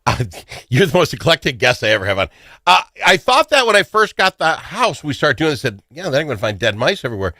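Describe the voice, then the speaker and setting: This middle-aged radio talk show host speaks a little high and fast, telling animated, jokey stories in casual conversation. The recording is studio quality with no room sound.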